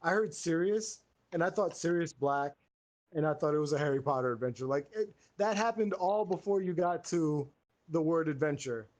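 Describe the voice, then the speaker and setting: Male improv host, high voice, tired but playful, mock-grandiose when scoring. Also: moderate pace, darkish tone. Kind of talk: casual online improv chat.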